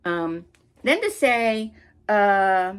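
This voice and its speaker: A woman in the middle of a heated commentary rant, scolding and blunt. She swears freely, jabs at her target again and again, and her voice sits at an ordinary middle pitch. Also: big pitch swings, very slow, clean tone. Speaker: commentary channel host. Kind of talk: angry ranting commentary.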